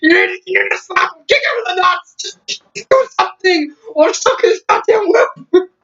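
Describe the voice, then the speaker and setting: A man voicing a furious wife who yells curses at her husband nonstop. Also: lively intonation, moderate pace, far from the mic, heavily acted. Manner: shrill, yelling nonstop curses. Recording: dull lo-fi audio.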